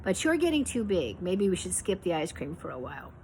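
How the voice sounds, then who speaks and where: A woman's voice: lowish voice, big pitch swings, brisk, darkish tone, slight background noise. Prim, doting aunt with a playful, corrective manner, read by the woman narrating. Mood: teasing. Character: prim, doting middle-aged aunt, teasing.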